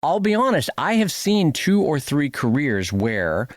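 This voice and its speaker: A man co-hosting a podcast in casual chat, animated and quick, now and then acting out quoted voices. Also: a little high, no echo. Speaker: podcast co-host.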